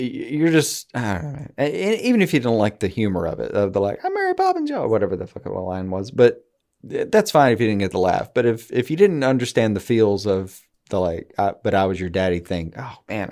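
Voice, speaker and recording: A man co-hosting a podcast in loose, casual conversation. His pitch swings widely as he talks. He swears offhandedly and drops into quick mimicked voices when quoting people. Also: expressive, darkish tone. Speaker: podcast co-host. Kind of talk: casual chat.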